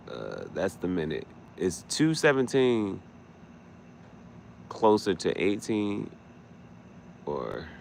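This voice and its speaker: A man vlogging late at night, thinking out loud and trailing off into mutters and restarts. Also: deep voice, gravelly, a little hiss or hum. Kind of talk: late-night rambling vlog.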